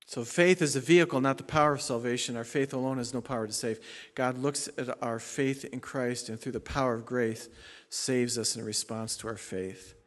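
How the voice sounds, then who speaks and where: A man preaching a sermon as pastor, swinging between loud emphatic declarations and quiet asides. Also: medium pitch, fairly even intonation, moderate pace, long reverb tail.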